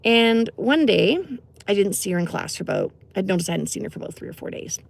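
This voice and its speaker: A middle-aged woman recounts a personal story on a casual livestream. Her voice sits at a middle pitch with a heavy vocal fry that runs through her sentences, and she talks in a loose, chatty way, with many "you know" and "um" asides. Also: animated, fast. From Canada. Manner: conversational, many fillers and asides. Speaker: music teacher.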